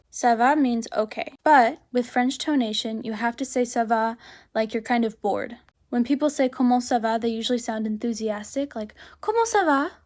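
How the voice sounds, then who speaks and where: Woman teaching a chatty beginner lesson. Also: fairly high pitch. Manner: chatty, explains step by step; speaks example phrases with lively rises.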